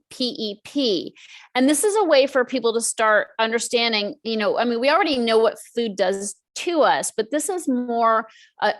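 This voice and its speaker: A middle-aged woman talking as an expert guest on a podcast, chatty and animated, often acting out her own inner voice. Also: a little high. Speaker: guest, emotional eating expert. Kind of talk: podcast interview.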